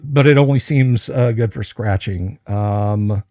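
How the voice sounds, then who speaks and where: A man running a tabletop game livestream as game master, slowly describing what the players find, with lots of hesitant fillers and restarts. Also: fairly low pitch, darkish tone, no room sound, studio quality. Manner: describes items slowly and carefully.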